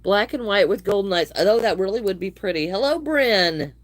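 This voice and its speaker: Hosting a crochet livestream, a middle-aged woman chats easily with viewers as she works, her breathing a touch wheezy because of allergies. She speaks at a normal speed with a medium, expressive voice.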